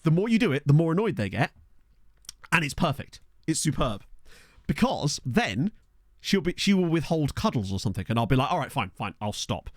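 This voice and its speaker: A streamer talks to his live chat from a cramped bedroom, rambling and laughing as he tells stories. His pitch bounces around a lot, and the close desk mic sounds dry with no room echo. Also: brisk. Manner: animated, rambling storyteller who laughs often. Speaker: streamer playing a football management game. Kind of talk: casual chat with live viewers. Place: small bedroom. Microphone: desk USB microphone.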